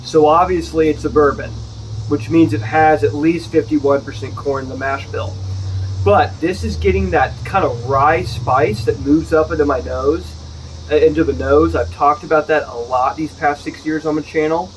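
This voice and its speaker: Casual male whiskey reviewer, slightly higher voice, joking asides, recorded outdoors with faint night noise. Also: steady tone, normal speed, low-quality recording. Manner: chatty, jokey, self-correcting asides. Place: outdoors at home, with neighbors nearby.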